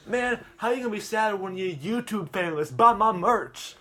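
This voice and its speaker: A man voicing a cocky young male prank YouTuber with a shouty, exaggerated manner. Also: high voice, expressive, moderate pace, voice pushed up.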